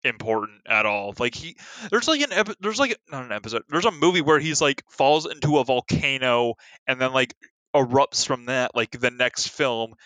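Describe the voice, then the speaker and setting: A man's voice: medium pitch, expressive, moderate pace, bright, forceful tone, no room sound. A man chatting casually about a monster movie, rambling with lots of filler words and a sarcastic edge.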